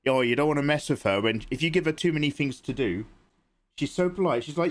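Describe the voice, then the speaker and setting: A man's voice: a little high, quick pace. A man livestreaming his digital drawing, rambling and joking as he talks to his chat. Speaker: art livestreamer.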